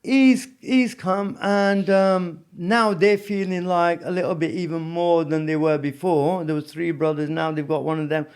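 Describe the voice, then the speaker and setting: A man's voice: fairly high pitch, fairly even intonation, unhurried, hardly any pauses, darkish tone, clean tone. A man telling prison stories in a casual interview, rambling with lots of "you know what I mean". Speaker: podcast guest.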